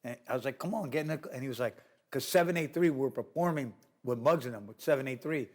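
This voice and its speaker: Fast and animated, a middle-aged New York man with a medium-pitched voice spins a wild story for an interviewer. He curses throughout and impersonates the people involved, doing the cops' voices too.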